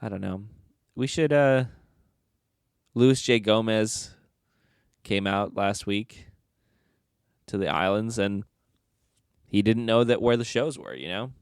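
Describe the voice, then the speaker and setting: A man's voice: fairly low pitch, slow, long pauses, clear, resonant tone, no room sound, clean studio sound. A young man hosting a solo podcast from his bedroom, talking into a microphone in a joking, rambling, self-mocking way. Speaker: podcast host. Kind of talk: casual solo podcast chat. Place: bedroom at home.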